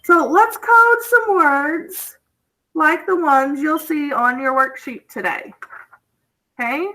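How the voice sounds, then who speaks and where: A woman's voice: high voice, takes it slowly, pushed and bright, slight background noise. A woman teaching a phonics lesson, explaining step by step and checking in with "okay?".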